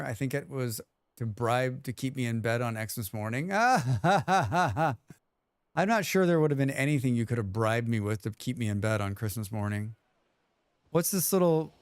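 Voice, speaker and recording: A man's voice: medium pitch, clean tone, no echo. A man streaming a game, chatting casually and muttering questions and reactions at the screen. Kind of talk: casual gaming commentary.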